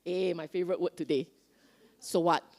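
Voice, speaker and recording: In a lively, conversational dharma talk at a Buddhist retreat, a woman often puts questions to her listeners. Her voice is fairly low and gravelly, and she speaks at a moderate pace.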